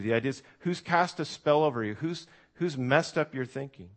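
An American man preaches to his church. His talk is lively and conversational. He turns to the kids in the pews now and then, and his voice sits at an everyday middle pitch. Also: brisk, hardly any pauses. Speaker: pastor. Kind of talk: sermon.

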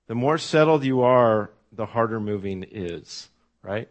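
Middle-aged guy pastor giving a sermon, slightly low voice, chatty storytelling with lots of uh's. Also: animated, unhurried, muffled recording. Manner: storytelling, conversational with frequent fillers and asides.

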